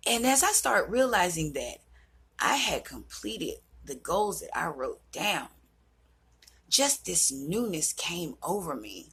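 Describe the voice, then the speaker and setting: A woman's voice: on the low side, very animated, takes it slowly, fairly bright tone, slightly rough. A woman in her thirties talking earnestly and heartfelt in a personal vlog, sometimes dropping to a whisper. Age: 30s. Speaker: vlogger. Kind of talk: personal reflective vlog talk.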